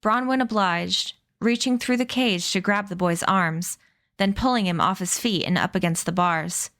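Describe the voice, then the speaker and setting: A woman streamer narrating a novel aloud in a steady, even reading voice. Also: medium pitch, normal speed, no echo, clean studio sound. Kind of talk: read-aloud storybook narration.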